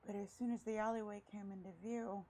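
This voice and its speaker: This woman's mid-range voice is level in tone, a little fast, and dark, captured in a rough recording. A let's play gamer, she reads a visual novel aloud and breezily cracks jokey side comments laced with swearing.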